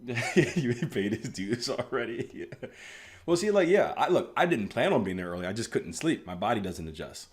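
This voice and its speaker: A forex trading educator from the US East Coast chats and rambles in a lowish voice, very animated and fairly quick. In a casual live stream with chart analysis, he tells meandering stories full of restarts and "like," chuckling often.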